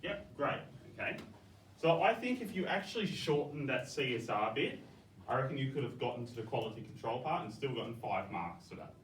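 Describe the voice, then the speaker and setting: A male teacher, giving classroom feedback in a coaxing, brisk way, often checking "okay?". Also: medium pitch, lively intonation. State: out of breath. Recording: echoey classroom, from far off, faint background noise.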